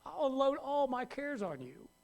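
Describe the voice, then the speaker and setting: A man's voice: very high voice, very animated, normal speed, creaky, a little mellow. A man preaching a sermon as pastor, talking conversationally and acting out worried voices. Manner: conversational, acts out worried voices, laughs at own jokes.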